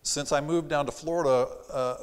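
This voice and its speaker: A man giving a live seminar on sales and personality styles, with a slight Southern accent, animated and acting out his customers' lines. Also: a little high, moderate pace, clear, resonant tone. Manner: animated, acts out quoted customers. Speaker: sales trainer. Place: theater stage. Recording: reverberant theater hall.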